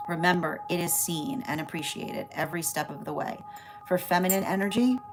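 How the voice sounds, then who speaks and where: A woman's voice: lowish voice, a little fast, over music, low-quality recording. A woman giving a live tarot reading, rambling and tagging "right?" onto her points. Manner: rambling, repeats "right?" often. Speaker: tarot reader.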